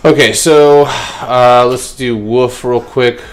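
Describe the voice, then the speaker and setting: A man's voice: medium pitch, steady tone, slow pace. A man hosting a casual trading livestream, going through charts in a loose, filler-heavy way and answering his chat. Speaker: stock trading streamer.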